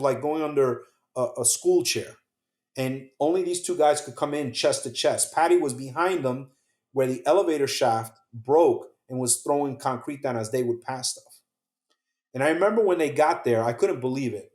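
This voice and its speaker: A man, a guest on a show, talks through his own story in a mid-pitched voice. He is earnest and acts out what others said, then drops very soft at the hardest moments. The room around him is roomy and echoey. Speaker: podcast guest, survivor telling his story. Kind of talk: emotional first-person storytelling.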